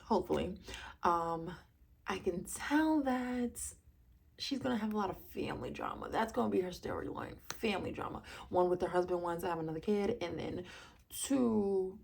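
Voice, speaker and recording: A woman talks through a reality TV episode in a casual, gossipy review, tossing out sassy asides and rhetorical questions. Her voice carries a gravelly fry and a husky edge. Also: mid-range voice, lively intonation, moderate pace, darkish tone.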